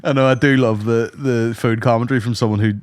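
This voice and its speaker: A man's voice: medium pitch, steady tone, fast, very noisy. A man co-hosting a podcast, telling rambling, profane stories in casual comedic chat. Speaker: podcast co-host.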